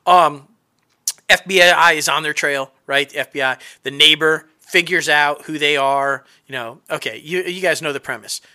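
A man co-hosting a casual podcast chat about films and TV, telling plot twists in an excited, emphatic way. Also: fairly high pitch, moderate pace. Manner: excited, animated, emphatic storytelling with repetition. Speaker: podcast co-host.

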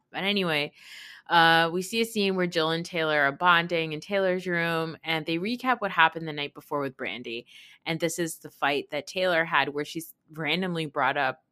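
A woman's voice: low voice, moderate pace, pushed and bright. A woman hosting a podcast in casual chat, chatty and sarcastic, often laughing. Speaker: podcast host.

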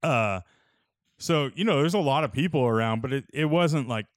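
A man's voice: medium pitch, moderate pace, no room sound, studio quality. A young man telling stories in a casual chat, laid-back, full of "like" and "dude".

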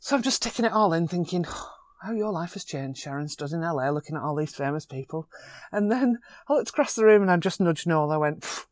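Excitable woman photographer. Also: low voice, no echo, clean studio sound. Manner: animated, excitable storyteller with quick laughs. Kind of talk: chatty anecdotes in an interview.

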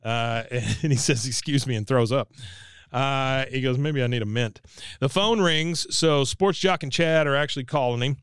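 A man's voice: moderate pace, fairly bright tone, clean tone, dry recording, studio quality. A man co-hosting a podcast, casually recapping a cartoon episode and acting out the characters' lines. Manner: retells scenes, acts out characters' lines in high voices. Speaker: podcast co-host.

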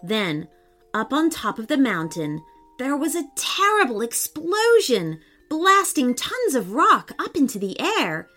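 Woman reading a bedtime story, kinda high voice, music playing soft underneath. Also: a little slow. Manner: expressive, lilting. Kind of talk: children's story narration.

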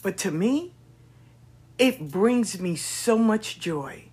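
This podcast host has a mid-range, slightly rough voice with lively intonation. She spins stories in a relaxed solo talk, dropping to whispered asides one moment and stretching words out loudly the next.

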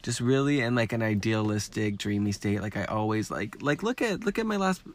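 A man hosts a podcast in a lowish voice, speaking briskly with lively intonation. He's frank and casual, rambling through lots of fillers and swearing constantly.

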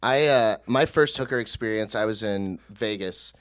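A man's voice: on the low side, normal speed, a bit bright, smooth. A young man, a podcast co-host, telling a rambling and self-deprecating comic story, swearing casually.

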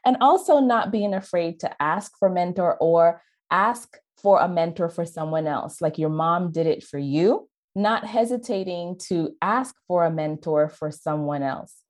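Woman host with a deep voice, interviewer, emphatic and repetitive for effect. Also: a little slow, a little mellow. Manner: emphatic, repeats phrases for weight. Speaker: podcast host. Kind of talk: conversational interview.

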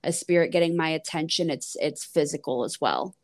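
A woman's voice: deep voice, a little fast. A woman podcast guest in casual chat, talking loosely with lots of fillers. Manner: conversational, lots of "like" and "um". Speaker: podcast guest and psychic reader.

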